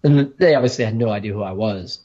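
A man's voice: fairly low pitch, fast talker, dark tone, lo-fi sound. A man casually telling stories about his college football recruiting, rambling with many restarts. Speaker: podcast co-host, former college football player. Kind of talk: casual podcast storytelling.

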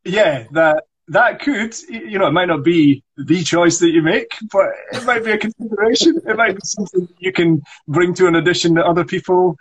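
Scottish guy from the northeast, acting coach, husky voice, talks in stops and starts. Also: high-pitched, a little fast, few pauses. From northeast Scotland. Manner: chatty, lots of restarts and fillers. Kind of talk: livestream chat.

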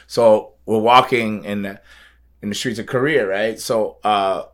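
A man's voice: lowish voice, steady tone, measured pace. A man telling a long story as a guest, rambling with many fillers, repeats and frequent laughs. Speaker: guest, wrestler. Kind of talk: casual storytelling.

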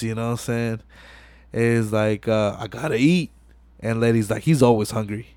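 A man with a medium-pitched voice at normal speed hosts a podcast, giving a casual, animated scene-by-scene movie recap with plenty of swearing and acted-out character lines. The audio is clean studio sound with no echo.

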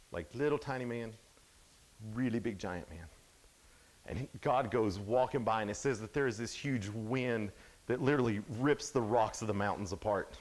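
A young adult man giving a casual, animated sermon at a youth camp, sometimes dropping to a hush. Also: mid-range voice. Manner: casual, animated storytelling, drops to hushed tones.

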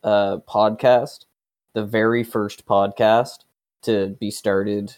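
A man co-hosting a casual comedy podcast, cracking sarcastic, deadpan jokes. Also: on the low side, slow pace. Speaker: podcast co-host.

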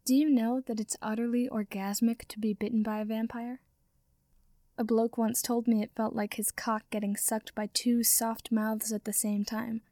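A taunting young male vampire, crude and predatory, who growls and sneers, as a woman reader puts him on. The voice sits a little high and sounds dry and close, with no room around it. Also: level tone, moderate pace, mellow, no room sound, close to an everyday voice. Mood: sneering.

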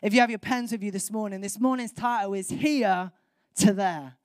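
A woman pastor preaching a sermon, animated and acting out voices from the story. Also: mid-range voice, normal speed, dry recording, clean studio sound. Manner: animated, acts out voices of biblical crowds.

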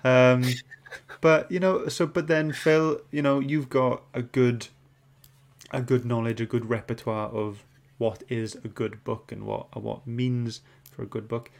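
A man's voice: medium pitch, steady tone, measured pace, gravelly. Chatty male podcast host. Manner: chatty, reads out viewer comments. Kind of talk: casual podcast chat.

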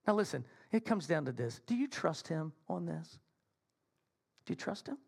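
A man preaching a sermon as senior minister in a church sanctuary. He tells his story playfully and animatedly, then drops to soft, hushed appeals. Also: on the high side, very animated, moderate pace, vocal fry, husky.

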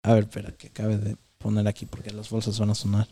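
A man's voice: fairly low pitch, completely flat delivery, very fast, mellow. A man in his twenties chatting casually with friends on a podcast, laid-back, swearing freely and laughing often. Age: 20s. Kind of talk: casual chat among friends, mixing Spanish. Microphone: headphones and studio mic.

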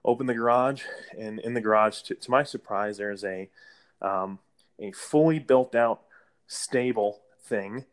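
A man's voice: medium pitch, normal speed. A man who works as a property manager, telling a rambling work story in a casual interview, with restarts and light laughter.

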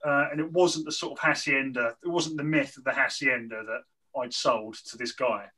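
A man's voice: medium pitch, normal speed, rough recording. A man telling a long, rambling anecdote in casual chat. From southern England. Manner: rambling, animated, lots of fillers. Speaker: guest telling a story.

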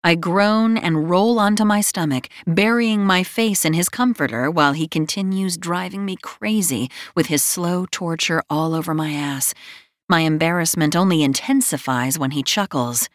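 A woman's voice: fairly low pitch, moderate pace, no echo. A woman narrating a first-person romance audiobook in a wry, self-mocking storytelling manner, close to the mic.

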